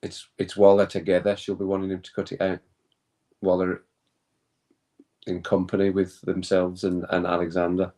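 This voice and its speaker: Chatty man, low voice. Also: monotone, moderate pace, long pauses, dark tone. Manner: chatty, reads chat comments aloud, laughs often, reacts to play. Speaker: live stream host. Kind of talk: casual watch-along chat.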